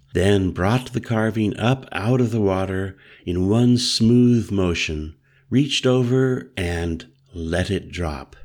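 Deep, slow male storyteller. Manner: measured, reflective storytelling. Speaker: narrator. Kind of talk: scripted first-person novel narration.

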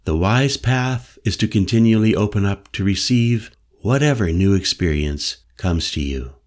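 A man reading an audiobook voices an old male mystic elder with a low, penetrating voice who lectures solemnly and insistently. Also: lively intonation, moderate pace, close to an everyday voice. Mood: earnest. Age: older. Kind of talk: audiobook character voice.

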